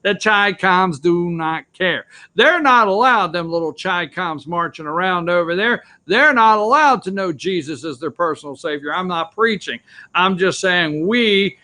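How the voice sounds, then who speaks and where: A man's voice: sits high, expressive, unhurried, pushed and bright. A man hosting a political opinion show, ranting sarcastically about the news from an office. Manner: ranting, sarcastic, repeats himself.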